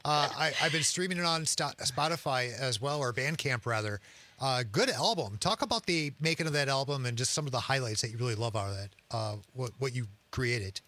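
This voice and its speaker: A man hosts a studio radio interview, asking casual, enthusiastic questions. His voice is bright, and the dry booth leaves almost no room sound. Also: mid-range voice, a little fast, no room sound. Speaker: radio host.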